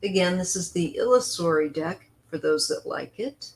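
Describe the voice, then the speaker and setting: A woman's voice: on the low side, lively intonation, normal speed, low-quality recording. A woman hosting a live tarot stream who chats loosely, greets viewers by name and wanders between thoughts while reading the cards. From western United States.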